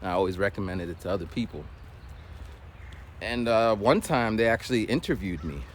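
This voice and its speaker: A man chatting casually as he walks outdoors, telling a rambling, animated story full of quoted dialogue. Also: on the low side, normal speed. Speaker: vlogger. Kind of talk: casual storytelling while walking. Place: outdoors on a street. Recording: faint street noise outdoors. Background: faint traffic noise.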